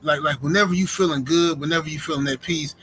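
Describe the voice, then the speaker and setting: A middle-aged man with a slightly higher voice tells a story the way he'd tell it to a friend, loose and full of slang, and he acts out the voices of the people in it. There is a faint hiss under the recording. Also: fast talker, rough recording. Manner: animated storyteller, acts out the voices in his stories; casual slang-heavy speech. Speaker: co-host. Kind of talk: casual storytelling chat.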